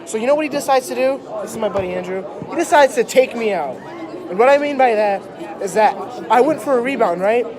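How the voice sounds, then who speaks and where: A man's voice: very high-pitched, expressive, fast talker. A young man telling an exaggerated comic story to an audience, rambling into mock-dramatic asides. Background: crowd, laughter.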